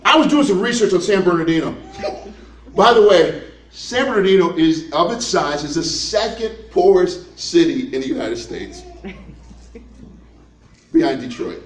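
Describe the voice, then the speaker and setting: A man's voice: high voice, animated, moderate pace, long pauses. A male pastor preaching a sermon in a humorous, conversational storytelling way, laughing as he goes. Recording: echoey room, mic at a distance.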